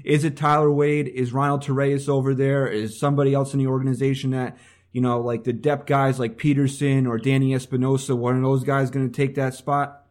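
A man with a North Jersey accent hosting a sports podcast, steering the talk with quick questions. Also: mid-range voice, flat delivery, a little mellow. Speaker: podcast host. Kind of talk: casual podcast chat.

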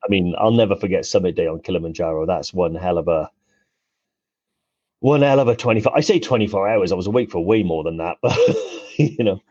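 A man's voice: low-pitched, fairly quick, darkish tone, slightly rough, dry recording, highs cut off. A man co-hosting a casual live-stream chat, rambling and laughing often.

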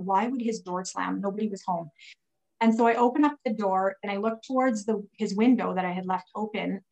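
A woman's voice: mid-range voice, rough recording. A woman recovering from pneumonia, telling a personal faith story in casual, earnest speech full of fillers. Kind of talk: casual testimony.

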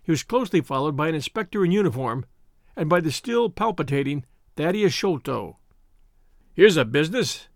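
A male narrator reads a classic story in the first person, measured and descriptive. His voice is high for a man and moves a lot, with a gravelly rasp underneath. The sound is close and dry, with no room around it. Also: lively intonation, no room sound. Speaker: audiobook narrator.

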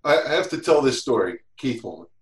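A man's voice: mid-range voice, a little fast. Chatty man in an echoey room. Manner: animated storyteller, acts out quotes. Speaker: guest, safety instructor. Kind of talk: casual podcast chat.

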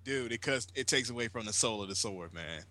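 A man's voice: lowish voice, fairly quick. A man in casual talk about anime, teasing his friends and often tacking on "man" or "dude.". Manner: teasing, animated, says "man" and "dude" a lot. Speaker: podcast co-host.

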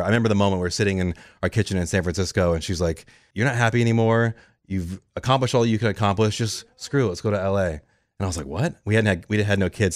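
Fast-talking deep-voiced man telling a story. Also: no room sound, studio quality. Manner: animated, quotes people in lively voices. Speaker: radio show cast member. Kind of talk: conversational storytelling.

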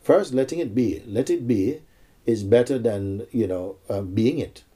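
Playing a spiritual teacher in a spiritual dialogue, a man speaks slowly and reflectively, pausing often. His mid-range voice is warm, with a breathy edge.

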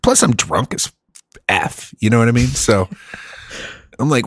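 A man's voice: mid-range voice, sing-song, a little slow, long pauses, a bit bright, husky, dry recording, clean studio sound. A middle-aged man telling a long story in a casual chat, rambling, swearing and laughing often.

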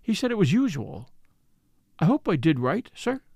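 A woman's voice: on the low side, big pitch swings, normal speed, creaky, dark tone, no echo, pitched above the performer's own voice, heavily acted. A man reading the part of an anxious young lady's maid who answers timidly and deferentially. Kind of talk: audiobook character reading.

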